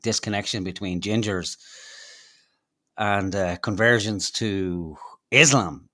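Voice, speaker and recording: A man's voice: fairly low pitch, slow, sharp tone, dry recording. A man co-hosting a live show, rambling and swearing in laid-back chat. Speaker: podcast co-host. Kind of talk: casual live-stream chat.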